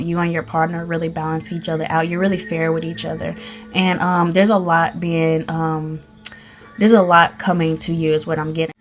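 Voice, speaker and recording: A woman giving a casual tarot reading, gushing and chatty, with many ums and restarts. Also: on the low side. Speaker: spirit baby medium giving a tarot reading.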